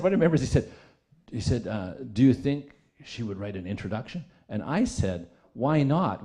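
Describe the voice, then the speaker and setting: A man, an author, on a theater stage telling a comic anecdote with lively, self-mocking humor. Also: fairly low pitch. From Canada. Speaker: author on a festival panel.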